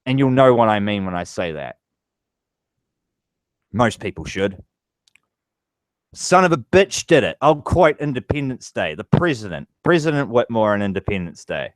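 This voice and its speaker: A man delivers a furious, foul-mouthed political rant to his camera. His pitch leaps and drops as he works himself up. The sound is dry, with no room echo. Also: big pitch swings, normal speed. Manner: angry, profane ranting. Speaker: vlogger.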